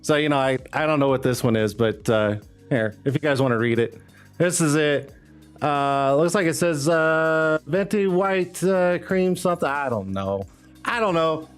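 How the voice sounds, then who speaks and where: With faint music in the background, a man runs a laid-back live stream, rambling, hyping his chat and laughing between lots of "uh"s. His voice is on the high side and clean-toned, and his pace is moderate.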